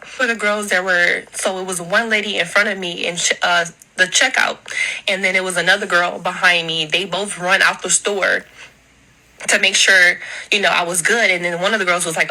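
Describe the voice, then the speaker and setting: Bright-voiced young woman telling an angry story. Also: on the low side, fairly even intonation, normal speed, low-quality recording. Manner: upset, heated, blunt, swears freely. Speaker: vlogger recounting an incident.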